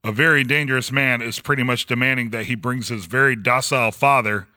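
A man's voice: mid-range voice, steady tone, bright, forceful tone, dry recording, clean studio sound. A man hosting a podcast, casually recapping a TV episode in a laid-back, jokey way. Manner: laid-back, jokey, retells plot in quick summaries. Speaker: podcast host.

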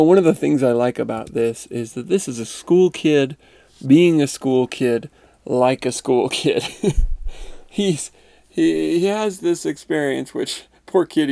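A man with a low, mellow voice and a gravelly edge reads a first-person account slowly and steadily. He then shifts into easygoing host commentary. He is recorded close and dry, with no room sound. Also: dry recording. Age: adult parent. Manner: calm, measured reading; chuckling, conversational commentary. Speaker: narrator and podcast host.

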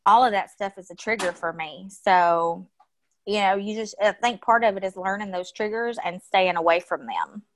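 Appearing as a podcast guest in a relaxed interview conversation, this woman has a medium-pitched voice and a moderate pace. She speaks bluntly, says what she thinks, and curses without holding back.

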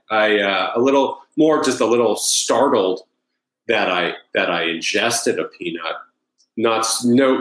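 Man, very low voice, rambling first-person story, echoey room; repeats himself, voices his old thoughts. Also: fairly bright tone. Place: Los Angeles.

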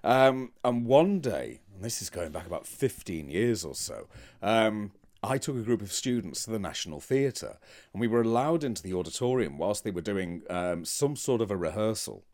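A man's voice: fairly low pitch, moderate pace. A man with a Liverpudlian accent, a drama teacher co-hosting a casual podcast chat and telling anecdotes. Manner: animated storyteller, laughs while telling anecdotes. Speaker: podcast co-host.

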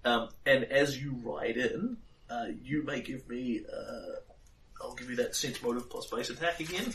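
Man, game master, casual hesitant narration, mid pitch, roomy, distant mic. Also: unhurried, a bit bright. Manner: loose, hesitant narration with many fillers.

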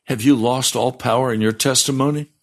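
A male pastor preaching a broadcast sermon, fiery and reading scripture aloud, rising in pitch on pointed questions. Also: steady tone, fairly quick. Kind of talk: radio sermon.

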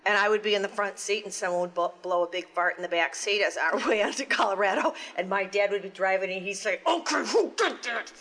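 A woman co-hosting a relaxed talk show with her sisters. She reads a list out loud and breaks into quick impressions of scolding parents. She talks at an everyday mid pitch. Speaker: co-host. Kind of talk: casual chat.

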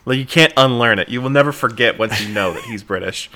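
A man's voice: medium pitch, quick pace, bright, forceful tone, a little hiss or hum. An American man co-hosting a casual podcast, wry and opinionated, swearing now and then. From United States. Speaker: podcast co-host. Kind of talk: casual chat.

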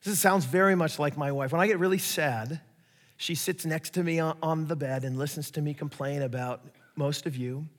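A man preaching a sermon, telling stories in a lively way and acting out the voices of the people he quotes. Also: fairly high pitch, moderate pace. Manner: animated storytelling, acts out quoted voices. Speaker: pastor. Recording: echoey hall reverb.

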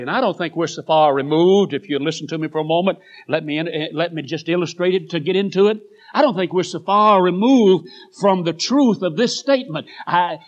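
A higher-pitched older man preaching a sermon, telling stories with drama and dropping from loud to hushed. The recording sounds dull and lo-fi. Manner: dramatic storytelling, swings between loud and hushed.

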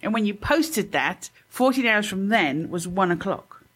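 A woman's voice: medium pitch, lively intonation, unhurried, a bit bright, husky. A woman with a British accent co-hosting a podcast, teasing and making silly voices. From Britain. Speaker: podcast co-host. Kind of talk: casual banter.

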